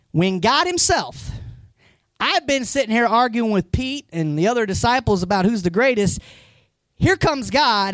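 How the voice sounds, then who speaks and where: A man's voice: high-pitched, dry recording, studio quality. A man preaching a sermon as a pastor, talking conversationally and putting questions straight to the congregation. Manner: animated storytelling.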